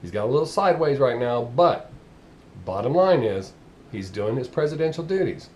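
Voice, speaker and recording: A man's voice: medium pitch, big pitch swings, moderate pace, darkish tone. A man with a Southern US accent, ranting bluntly and profanely in a casual vlog monologue. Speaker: vlogger.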